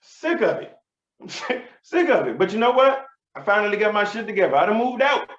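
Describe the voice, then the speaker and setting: A man in his thirties tells a stand-up story, swaggering and profane. His voice sits high and leaps all over the place. The sound is roomy and a little dull. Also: sing-song, brisk, a bit bright. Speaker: stand-up comedian. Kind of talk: stand-up routine.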